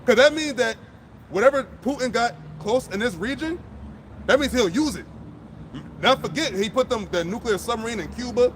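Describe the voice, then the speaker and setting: A man's voice: very high-pitched, normal speed, background noise. A man preaching outdoors, blunt and profane, fired up and repeating himself as he drives each point home. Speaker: street preacher. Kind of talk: impassioned outdoor sermon.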